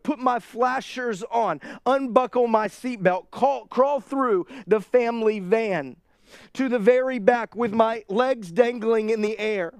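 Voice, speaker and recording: Male pastor, thirties, animated storytelling sermon, dry close recording. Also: very high-pitched, smooth, dry recording. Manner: animated storyteller, acts out his kids' shrieks.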